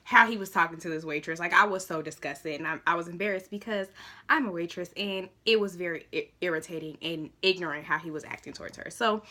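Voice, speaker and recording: Lively, bright-voiced woman vlogger. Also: fairly low pitch. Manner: animated, exasperated storytelling with slang. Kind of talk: casual storytime vlog.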